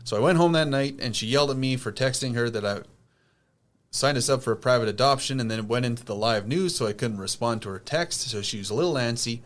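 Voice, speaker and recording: A man's voice: medium pitch, fast. A man hosting a podcast, telling a personal story casually and acting out the people in it. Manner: animated, acts out quoted people. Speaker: podcast host.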